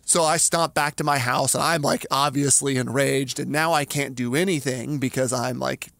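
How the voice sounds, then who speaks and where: A man co-hosting a podcast, telling a story in an emphatic, animated way and acting out the voices of the people in it. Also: mid-range voice, moderate pace, creaky, no echo. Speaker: podcast co-host. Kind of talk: casual chat, storytelling.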